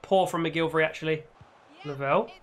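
A man commentating on his own football video game, reacting loudly and shouting at goals and the referee. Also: fairly high pitch, a little fast. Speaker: gaming YouTuber. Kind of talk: excitable gameplay commentary.

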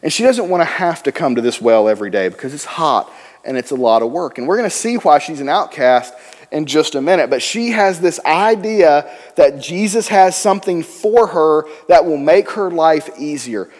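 A man preaching a sermon in a church, telling the story with animated voices for the people in it. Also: a little high, moderate pace, in a large hall. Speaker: pastor. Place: church sanctuary.

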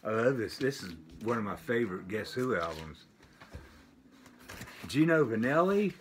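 An older man talks through a box of records at a slow, unhurried pace, rambling easily and pausing often with "uh". His voice sits at an ordinary pitch, with a faint hiss of noise behind it. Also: big pitch swings. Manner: rambling, easygoing, many filler pauses. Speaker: vinyl record collector. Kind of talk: casual unboxing vlog. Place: home with dogs barking nearby.

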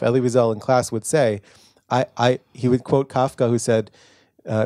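At a bookstore book talk, an author and lecturer answers an audience question in a lowish, mellow voice. He's earnest and tells it as a story, restarting often. The recording is studio quality, with no room sound.

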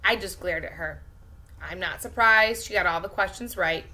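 Bright-voiced woman reading aloud to a class. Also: on the low side. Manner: lively expressive reading, pausing to talk to a baby and the class. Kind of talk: interactive read-aloud for children.

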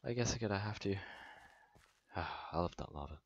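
A man's voice: low voice, animated, unhurried, dry recording, dull audio. A man hosting a gaming channel, narrating his own moves in a playful let's play commentary with sound effects.

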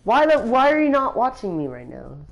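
A woman's voice: fairly high pitch, big pitch swings, brisk, gravelly, rough recording. A woman streaming a video game, laughing and swearing as she complains to her friends. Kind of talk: casual gaming stream chat.

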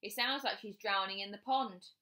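A woman's voice: medium pitch, moderate pace, sharp tone, close to an everyday voice. Woman doing a plain-spoken toy bear. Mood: matter-of-fact.

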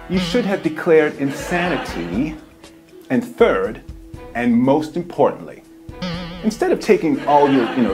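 Sarcastic ranting satirical news anchor, a man. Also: medium pitch.

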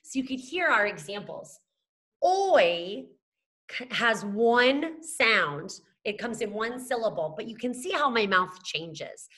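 A woman's voice: fairly high pitch, big pitch swings, takes it slowly, sharp tone. A woman teacher leading a phonics lesson for young children, chanting letters and sounds and praising the class. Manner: sing-song chanting of letters and sounds, encouraging.

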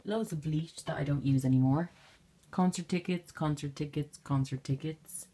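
A low-pitched, warm voice with a breathy edge moves at a moderate pace. It belongs to a young woman casually vlogging from her bedroom with a handheld camera, rambling and dropping sarcastic asides.

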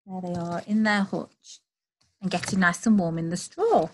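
A woman reading a children's bedtime story aloud, gentle and slow, with high, playful animal noises. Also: slight background noise.

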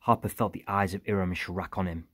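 A man narrating an audiobook in a steady storytelling manner. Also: deep voice, quick pace, no room sound. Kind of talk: scripted narration.

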